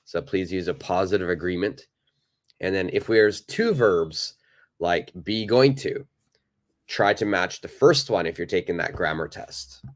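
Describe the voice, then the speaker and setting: A man's voice: sits low, measured pace. A man teaching a live online English lesson, chatting loosely with many fillers and reading from the chat.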